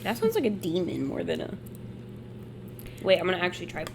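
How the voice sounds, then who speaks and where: A young woman in her twenties co-hosts a casual podcast, her pitch bouncing up and down as she jokes around. The recording carries a clear layer of background noise. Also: huge pitch swings. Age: 20s. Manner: playful, jokey, quick to laugh. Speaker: podcast co-host. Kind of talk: casual chat.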